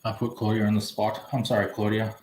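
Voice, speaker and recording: A man's voice: on the low side, monotone, fairly quick, darkish tone. A man chatting casually on a live stream, rambling and reading viewers' comments aloud. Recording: echoey room.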